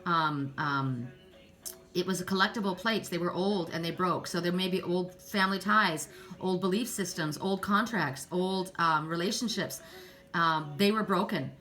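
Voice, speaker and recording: A woman doing a casual spiritual card reading. She often repeats words, clears her throat and rises in pitch when excited. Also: moderate pace, soft background music. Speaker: oracle card reader.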